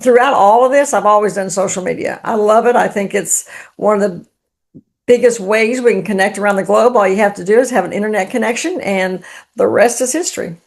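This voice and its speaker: A woman's voice: mid-range voice, a little fast, creaky. A woman in her fifties from the United States, a guest talking in a conversational, enthusiastic way over a remote call. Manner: enthusiastic, conversational, uses "if you will". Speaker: guest, LinkedIn strategist. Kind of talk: casual interview.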